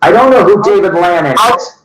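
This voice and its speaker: A man's voice: sits high, expressive, fairly quick, very noisy. A man hosting his own record-collecting vlog, chatting to viewers in a jokey, rambling way. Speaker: vinyl record vlogger. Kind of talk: casual chat to camera. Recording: echoey room.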